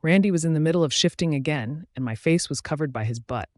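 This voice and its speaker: A man reading a first-person story aloud as narrator in a steady, even manner. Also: on the high side, fast talker, no room sound.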